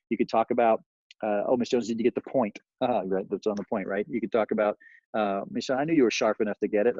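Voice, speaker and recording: A man's voice: fairly low pitch, mellow, breathy edge, no room sound, highs cut off. A man giving a sales training talk, rambling with many fillers and acting out lines he would say to customers.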